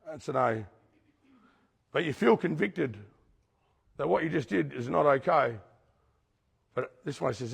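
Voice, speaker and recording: A man preaching to a recovery group, with a deeply gravelly, husky voice that rings out with long hall reverb. He repeats himself for emphasis and keeps putting questions straight to his listeners. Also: animated, normal speed, pauses often. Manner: repetitive, questions the audience directly. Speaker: speaker teaching a recovery group. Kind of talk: preaching-style talk to a group.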